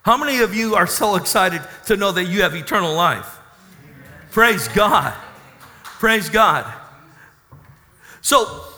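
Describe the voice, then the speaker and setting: A man's voice: sits high, pushed and bright, in a large hall. A man preaching a sermon with emphatic, call-and-response asides to his congregation. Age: 30s. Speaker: pastor.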